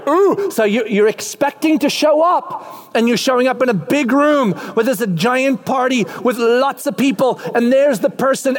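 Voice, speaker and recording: A man preaching a sermon in an animated way, acting out little scenes with voices. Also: very high voice. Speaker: pastor.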